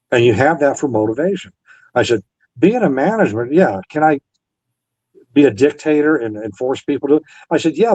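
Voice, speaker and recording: A man's voice: mid-range voice, warm tone, no echo, poor audio. A Navy veteran man in an interview, earnestly retelling past conversations and quoting both sides. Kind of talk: storytelling interview.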